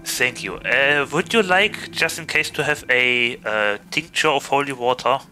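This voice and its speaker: A man's voice: mid-range voice, lively intonation, a little slow, bright, forceful tone, soft background music. A man playing his character in a tabletop game, chatty and a bit hesitant. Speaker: player. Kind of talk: tabletop role-play in character.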